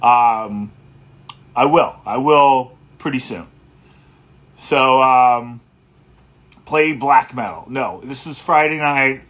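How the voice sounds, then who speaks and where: A man, mid-pitched, who hosts a laid-back late-night livestream as a guitarist. He rambles easily, with plenty of pauses, and greets his viewers by where they are writing from. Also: a bit bright. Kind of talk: casual livestream chat.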